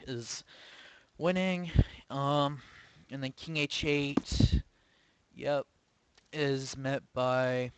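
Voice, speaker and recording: A man's voice: medium pitch, a bit bright, clear, resonant tone, no room sound, poor audio. Man thinking aloud over a chess game. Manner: thinking aloud, hesitant, self-questioning. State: sleepy, yawning. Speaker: chess streamer. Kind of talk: live game commentary.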